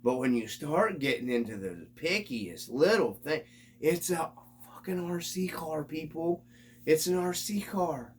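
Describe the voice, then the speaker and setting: A man's voice: a little high, expressive, measured pace, breathy edge. A man hosting his own hobby vlog, ranting in an exasperated, casual way and swearing freely. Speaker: RC hobby channel host.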